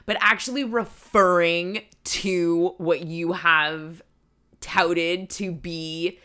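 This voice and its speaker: A woman's voice: on the low side, fairly even intonation, drawn-out words, sharp tone, clean tone. A woman from Canada co-hosting a comedy podcast, thinking aloud and teasing in casual chat.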